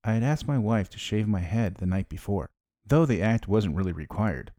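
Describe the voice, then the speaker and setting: A man's voice: lowish voice, lively intonation, normal speed, mellow, dry recording. A middle-aged man hosting a podcast, telling his own story in wry, candid scripted narration into a close mic. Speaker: podcast host.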